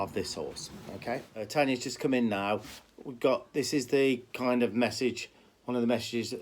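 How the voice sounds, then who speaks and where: Brummie horse trainer, man, mid-pitched, rambling, casual. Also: a little hiss or hum. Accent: Birmingham (Brummie), softened. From Birmingham, England. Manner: rambling, repeats words, many fillers. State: limping. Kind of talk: casual talk to camera.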